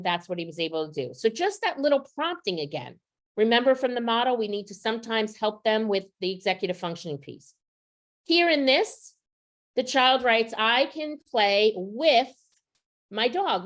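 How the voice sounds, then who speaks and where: A woman's voice: on the high side, big pitch swings, fairly quick, a bit bright. Woman giving a teacher training talk. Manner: explanatory, checks in with rhetorical "right?". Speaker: literacy trainer presenting to teachers. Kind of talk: professional development presentation.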